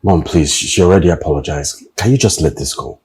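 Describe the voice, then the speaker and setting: A man's voice: a bass voice, fast talker, a little mellow, breathy edge, heavily acted. An actor playing a young husband caught between his wife and mother, pleading and conciliatory, with a Nigerian English accent. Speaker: husband and son.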